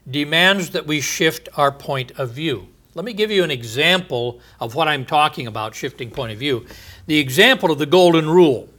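A man preaching a sermon in an earnest teaching manner, posing rhetorical questions and pausing for emphasis. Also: on the high side, pushed and bright.

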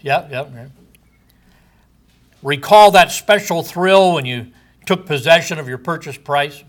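A man, likely older, delivering a sermon slowly and deliberately, letting his phrases trail off softly at the ends. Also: on the high side, lively intonation. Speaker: preacher.

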